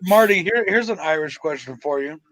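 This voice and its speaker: American man, casual chat, joking, swearing, high voice, dry sound. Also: expressive, a little fast, a bit bright, no room sound. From United States. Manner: joking, swearing, laughs at own jokes.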